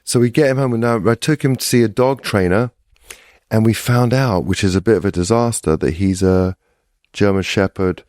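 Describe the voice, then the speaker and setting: A man's voice: on the low side, moderate pace, darkish tone, no room sound, clean studio sound. A middle-aged man who is a guest on a podcast, telling a rambling, casual story full of restarts. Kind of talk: casual chat.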